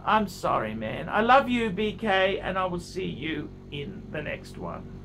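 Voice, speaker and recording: A man's voice: high voice, big pitch swings, unhurried, vocal fry, fairly bright tone, recorded from a distance, low-quality recording. Middle-aged man, rambling vlog talk, repetitive, self-pitying, recorded a bit away from the mic, faint background hum. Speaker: watch vlogger. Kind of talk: rambling personal vlog monologue.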